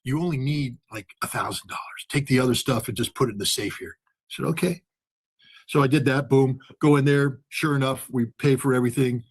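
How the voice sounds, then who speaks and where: Male guest, husky voice, animated storyteller who acts out the dialogue. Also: medium pitch, brisk. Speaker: guest, former weapons inspector. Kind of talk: storytelling in a conversation.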